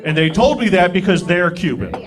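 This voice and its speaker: A young man doing a stand-up set on a comedy club stage with an animated, self-mocking delivery. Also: sits high, fairly quick, very noisy. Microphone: stage mic. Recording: live club recording with crowd. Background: audience laughter.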